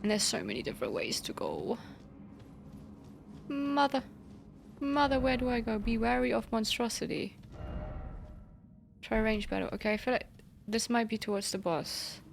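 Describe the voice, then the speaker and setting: A woman's voice: mid-range voice, sing-song, normal speed, creaky, slight background noise. A woman streaming a video game, chatting playfully with her viewers, reading their messages aloud and swearing casually at enemies. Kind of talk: casual gaming livestream commentary.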